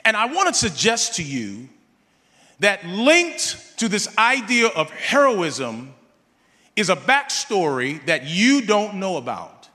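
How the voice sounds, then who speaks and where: A man preaching a sermon, telling a personal story with animated delivery and calling on the congregation. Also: high-pitched, takes it slowly, long reverb tail.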